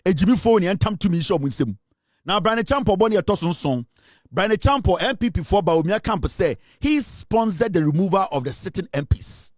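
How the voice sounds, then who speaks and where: A man's voice: high-pitched, lively intonation, moderate pace, dry recording, studio quality. A man with a Ghanaian accent giving emphatic, dramatic political commentary, switching between Twi and English.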